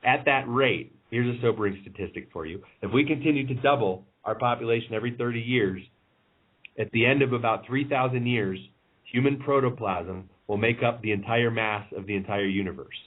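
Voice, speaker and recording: Musing man on a tinny phone line. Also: medium pitch. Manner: musing, halting with restarts. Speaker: podcast guest. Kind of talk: casual conversation.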